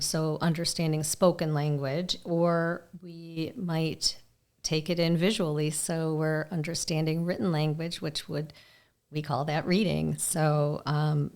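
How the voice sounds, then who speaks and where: A speech pathologist walks through her points methodically as a podcast guest. Her voice is low for a woman. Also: a little mellow. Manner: methodical, explanatory, with fillers. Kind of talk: explaining in a podcast interview.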